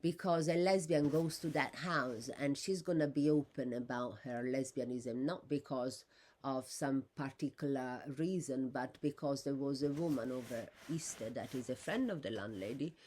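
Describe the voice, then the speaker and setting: Woman, deep-pitched, unscripted monologue; halting, self-correcting, flares upward when indignant. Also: a little mellow. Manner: rambling, with many fillers and restarts.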